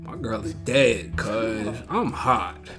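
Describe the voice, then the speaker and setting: A man's voice: fairly low pitch, slow, music in the background. A man hosting a show reaction, talking bluntly in profane slang and repeating himself in heated outbursts. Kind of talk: casual reaction commentary.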